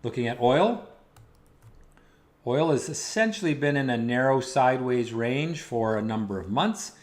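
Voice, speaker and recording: A man's voice: mid-range voice, animated, unhurried. A man hosting a weekly market analysis, steadily talking through charts with casual asides.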